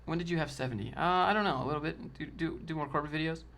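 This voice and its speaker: A man hosts a casual livestream and answers viewers in loose, slangy talk, calling them dude and bro. His speaking voice sits a little higher than most men's. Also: rapid-fire, vocal fry, fairly bright tone. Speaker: streamer answering chat.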